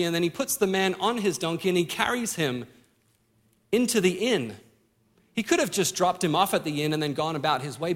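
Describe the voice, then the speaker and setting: A male preacher with a fairly high voice delivers a sermon. He tells a personal story and acts out the lines of each person in it. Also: fairly bright tone. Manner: storytelling with acted-out quotes. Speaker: pastor.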